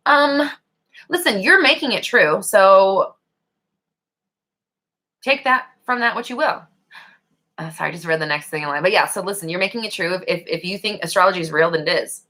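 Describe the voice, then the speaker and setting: Bright, forceful woman hosting a casual Q&A. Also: mid-range voice, fairly quick. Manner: animated, blunt, swears freely. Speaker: host answering viewer questions. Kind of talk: casual live Q&A chat.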